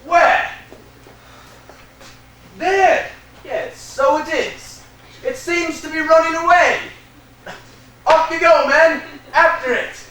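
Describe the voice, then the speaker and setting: A young actor playing an unflappable, wry English gentleman in a school stage play, dry and teasing. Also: very high voice, slow pace, pauses often, slight background noise, exaggerated voice. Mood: commanding. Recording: echoey stage from far off.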